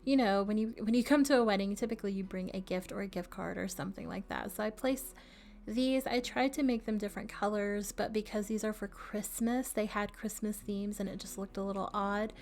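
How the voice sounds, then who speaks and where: A woman narrating a game build video chats casually about her build, laughing often, tossing in friendly asides, and fighting the hiccups. Her medium-pitched voice is a little mellow with vocal fry, fairly quick and fairly even in intonation.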